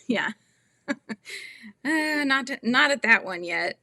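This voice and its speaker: A woman's voice: a little high, takes it slowly, sharp tone, no echo. A woman in her thirties hosting a casual crochet livestream, chatting and often laughing as she acts out quotes. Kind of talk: casual chat while crocheting, reading viewer comments.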